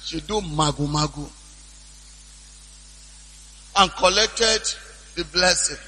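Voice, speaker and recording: A man preaching a sermon, retelling a story with animated repetition. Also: a little high, takes it slowly, husky, big-room sound, poor audio. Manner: animated storytelling, repeating lines for emphasis.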